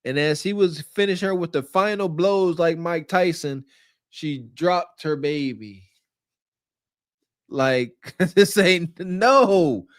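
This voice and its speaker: A male podcast host ribs and picks apart a clip with incredulous, laughing commentary. His voice sits a little high. The sound is dry and close, with no room around it. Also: clear, resonant tone, no room sound. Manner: teasing, incredulous, quick to laugh. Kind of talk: mocking reaction commentary.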